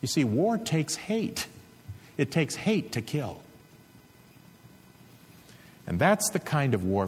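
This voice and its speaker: A male preacher delivering an earnest, emphatic sermon with a husky voice. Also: fairly low pitch, in a large hall. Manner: earnest, emphatic exhortation with rising intensity.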